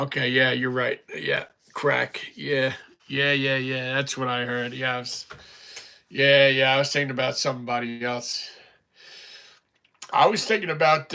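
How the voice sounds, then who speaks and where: A man's voice: mid-range voice, vocal fry, sharp tone. A middle-aged man hosting a casual livestream, rambling through stories. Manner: rambling, chatty storytelling. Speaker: livestream host.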